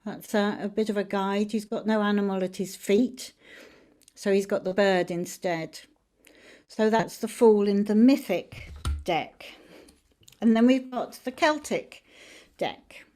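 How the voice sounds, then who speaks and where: Brief: woman tarot teacher, casual and warm in manner, talking through cards. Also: medium pitch, unhurried. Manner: friendly, chatty, explaining cards as she shows them. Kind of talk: informal teaching on camera.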